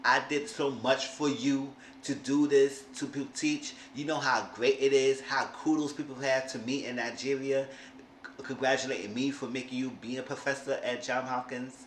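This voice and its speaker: A man's voice: medium pitch, fairly even intonation, normal speed, voice pushed up, natural voice. A man voicing a scolding, disapproving older mother, indignant and emphatic. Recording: roomy room with faint hiss.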